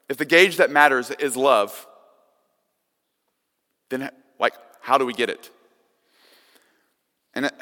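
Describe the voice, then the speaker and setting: Pastor, male, earnest sermon delivery with big swings from soft to loud, sharp tone. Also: mid-range voice. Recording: long reverb of a large hall.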